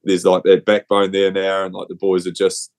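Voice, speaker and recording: A man's voice: low voice, monotone, normal speed, darkish tone. A young man with a New Zealand accent and a cold, chatting in a rambling, slangy, laid-back way as a podcast guest. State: has a cold. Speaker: rugby player guest. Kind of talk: casual chat.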